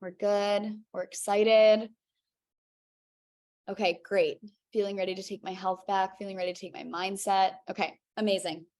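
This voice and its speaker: A woman's voice: medium pitch, a little fast, few pauses. An upbeat young woman talks straight to the camera as she leads a live online wellness class. She sounds casual and encouraging, and she keeps checking in with her viewers as she goes. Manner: energetic, encouraging, casual with frequent "okay?" check-ins. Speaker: health and weight loss coach.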